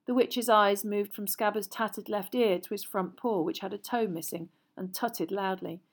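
A woman narrating a children's fantasy story aloud in a measured, even way. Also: medium pitch.

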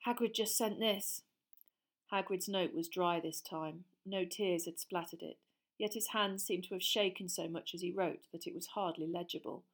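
A woman narrating an audiobook in a measured, expressive storytelling voice. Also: fairly low pitch. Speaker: audiobook reader.

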